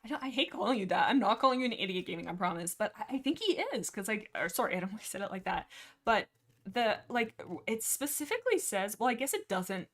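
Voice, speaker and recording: A woman's voice: mid-range voice, very animated, fast talker. A woman hosting a livestream, chatting casually and rambling through a book discussion with many fillers and restarts. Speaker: livestream host.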